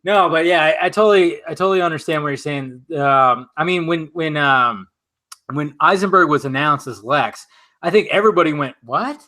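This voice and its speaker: A man hosting a casual film chat, tipsy from vodka, talking in an animated, profane, rambling way with many restarts. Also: on the high side. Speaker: host.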